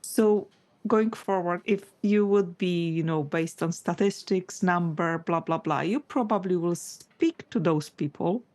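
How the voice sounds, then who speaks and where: Low-voiced woman thinking aloud on a podcast. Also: measured pace, a little mellow. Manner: thinks aloud, restarts and apologizes, laughs at herself. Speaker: podcast co-host. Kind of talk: casual business podcast chat.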